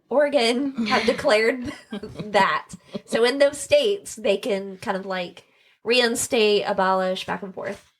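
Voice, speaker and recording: Woman, podcast co-host, casual chat, informal, mid pitch. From Northern Kentucky. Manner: relaxed, informal, uses "like" a lot, laughs along.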